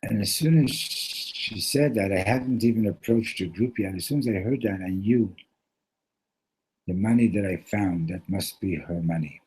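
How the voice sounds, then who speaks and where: A man at a yeshiva gathering retelling a Hasidic story in a heartfelt, animated way, mixing in Yiddish and Hebrew words. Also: lowish voice, moderate pace, slightly rough, low-quality recording.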